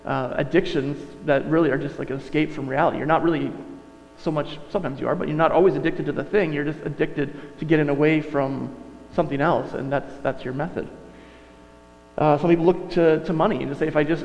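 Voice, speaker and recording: A man's voice: fairly high pitch, creaky, a little mellow. A male pastor preaching a sermon in a conversational way, often correcting himself and going off on asides. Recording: dull sound, long reverb, mains hum.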